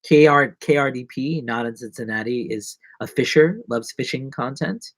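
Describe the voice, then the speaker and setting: A man chatting casually and rambling playfully on a solo livestream. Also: moderate pace. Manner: rambling, playful, drops to whispers and jumps to squeaky voices. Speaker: livestreaming vlogger.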